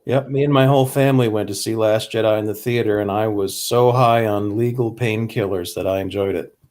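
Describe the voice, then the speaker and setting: Man, lowish voice, co-host in a loose stream chat, dad-joke punner. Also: fairly even intonation, brisk, darkish tone. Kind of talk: casual livestream chat.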